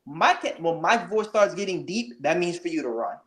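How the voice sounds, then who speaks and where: Animated man riffing on boxing. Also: high voice, normal speed, over a noisy crowd. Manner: animated, mimics voices for laughs. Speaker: show co-host. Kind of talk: casual sports chat.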